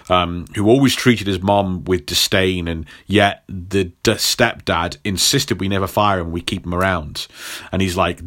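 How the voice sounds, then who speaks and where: Guy with a lowish voice rambling thru a plot recap, playful, lots of ums. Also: fairly bright tone.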